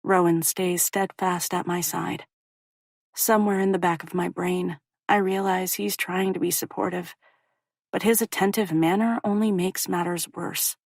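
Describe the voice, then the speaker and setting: A woman with a fairly low voice narrates a first-person romance audiobook in an intimate, measured way. The recording is dry and close, with no room sound. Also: no echo.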